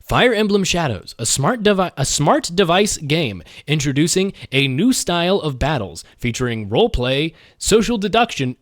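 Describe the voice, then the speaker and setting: A man in his twenties giving casual livestream commentary while gaming, animated and rambling, quick to launch into a rant. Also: on the high side, dry recording, studio quality. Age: 20s. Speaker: streamer.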